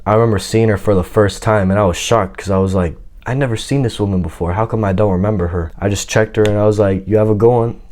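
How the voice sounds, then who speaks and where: A man with a fairly low voice tells a personal story in casual, slangy talk. He comes across as boastful and self-assured. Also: a little mellow.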